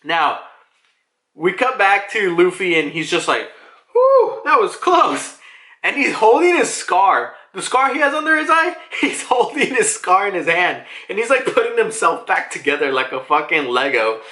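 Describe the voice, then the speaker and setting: Excitable high-voiced man reviewing comics. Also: normal speed. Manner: excitable, swears and laughs often. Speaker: manga reviewer. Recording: roomy echo.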